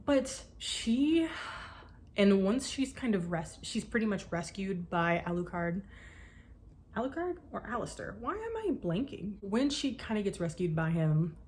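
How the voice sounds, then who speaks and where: A young woman talking casually to camera about books she loves, gushing and animated, with the odd swear word. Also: medium pitch, unhurried, slight background noise. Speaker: book vlogger. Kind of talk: casual chat.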